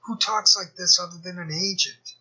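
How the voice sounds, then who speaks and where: A man's voice: sits high, steady tone, moderate pace, pushed and bright, slightly rough, lo-fi sound. A man giving rambling, sarcastic commentary as a YouTuber, full of mocking asides and digressions. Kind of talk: rambling screen-share commentary.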